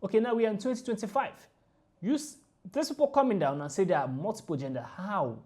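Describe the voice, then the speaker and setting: She talks fast at a medium pitch, ranting her way through a reaction video with emphatic indignation and driving the same points home repeatedly.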